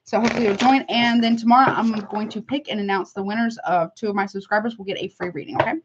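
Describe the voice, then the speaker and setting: A woman's voice: mid-range voice, fairly even intonation, quick pace, heavy background noise. A woman doing a casual tarot reading for her viewers, chatty and heartfelt, calling listeners honey. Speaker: tarot reader. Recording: slightly dull lo-fi audio.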